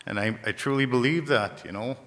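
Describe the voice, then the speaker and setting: A man from Saskatchewan, a First Nations community leader, gives a halting, heartfelt ceremony speech, often repeating phrases. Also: mid-range voice, a bit bright. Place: large gymnasium. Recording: echoey gymnasium reverb.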